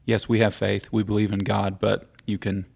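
A man hosting a casual conversation, asking questions and adding thoughts with a hesitant, halting manner. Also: on the low side, flat delivery, gravelly, darkish tone. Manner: hesitant, many fillers and restarts. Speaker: podcast host.

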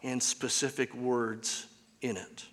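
A man's voice: medium pitch, little pitch movement, slow, fairly bright tone, in a large hall. A man preaching a sermon as pastor, with an emphatic, repetitive cadence, recorded in a church.

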